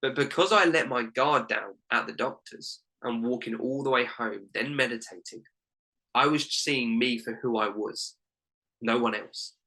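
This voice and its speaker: A man's voice: mid-range voice, a little slow, bright, forceful tone, low-quality recording. A young man, a life coach and podcast guest, telling a heartfelt personal story in an earnest way, full of "literally" and "like".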